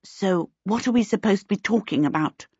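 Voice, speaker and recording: A woman voicing an impatient, sharp-tongued teenage girl in a storybook reading, in a dull lo-fi recording. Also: medium pitch, normal speed, husky, no echo, natural voice. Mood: anxious, snappish. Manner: urgent and sharp.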